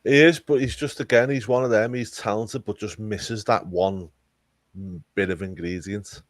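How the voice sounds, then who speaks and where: A man's voice: lowish voice, steady tone, moderate pace, no room sound. A man co-hosting a casual wrestling review podcast, enthusiastic and rambling, repeating words for emphasis. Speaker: podcast co-host.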